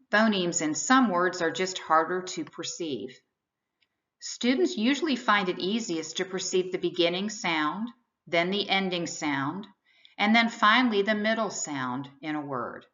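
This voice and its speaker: A woman giving scripted instructional narration, explaining in a measured, explanatory way how to teach sounds. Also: on the low side, lively intonation, bright, forceful tone. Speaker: reading instructor. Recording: slightly dull, lo-fi voice-over.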